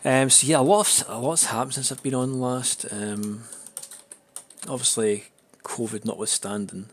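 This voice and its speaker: A man chatting casually on a live stream, his throat a little raspy and his nose congested, rambling with many fillers and restarts. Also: medium pitch, steady tone, moderate pace.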